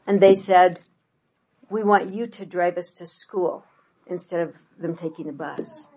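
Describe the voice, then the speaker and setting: An older woman leads a parenting workshop, her voice soft and a little breathy. She tells stories with energy and slips into quoted voices as she goes. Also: fairly low pitch, a little slow, poor audio. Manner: animated storyteller, acts out quoted voices. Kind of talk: workshop talk with anecdotes.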